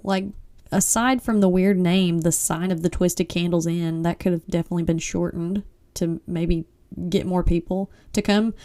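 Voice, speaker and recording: A woman hosting a casual solo book-review podcast, chatty and expressive, often saying "like" and "I mean.". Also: fairly low pitch. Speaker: podcast host.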